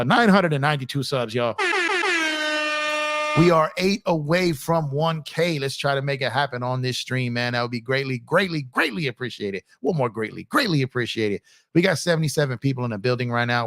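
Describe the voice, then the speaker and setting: A man's voice: mid-range voice, no room sound. Casual streaming man, dry close sound. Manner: conversational, repeats phrases for emphasis, addresses chat as man and y'all. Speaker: livestream host. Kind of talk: casual live-stream chat reading viewer comments.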